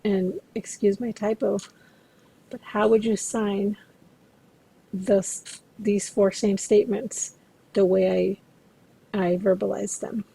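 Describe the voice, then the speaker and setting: A woman instructor giving a recorded lecture to interpreting students, explaining in a measured way and speaking to them directly. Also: mid-range voice, level tone, gravelly, mellow, breathy edge, low-quality recording.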